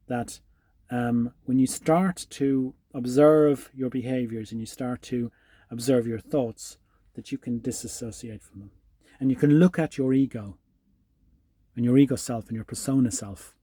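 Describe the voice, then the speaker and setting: A man hosting his own channel, talking calmly and reflectively to the camera, often restarting his sentences. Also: medium pitch, slightly rough, no echo. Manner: calm, musing, with frequent restarts. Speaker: channel host. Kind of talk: reflective solo talk to camera.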